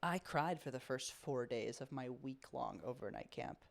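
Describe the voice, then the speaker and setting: A woman's voice: a bass voice, animated, normal speed, gravelly. A woman from Florida co-hosting a podcast, chatty and joking as she tells a childhood story in casual conversation. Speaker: podcast co-host.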